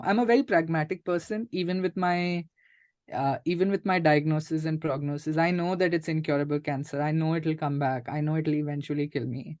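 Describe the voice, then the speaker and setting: A man's voice: fairly high pitch, normal speed, no room sound, clean studio sound. A man, a guest speaking candidly and reflectively in an interview, with frequent fillers. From India. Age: 30s. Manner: reflective and matter-of-fact, many "like" and "uh" fillers.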